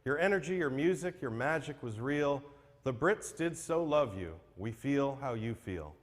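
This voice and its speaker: An earnest man reads tribute poems aloud as emcee of a memorial stream, humble and a little self-deprecating about his delivery. His mid-pitched voice rises and falls in a lively sing-song. The sound carries a long reverb, as if from a large hall. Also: normal speed. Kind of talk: reading tribute poems aloud, then introducing acts.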